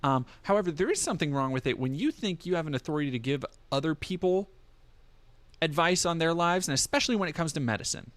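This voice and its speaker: A man's voice: on the high side, animated, quick pace, fairly bright tone, no room sound. A man streaming, reading a news article aloud and breaking off with profane, sarcastic comments.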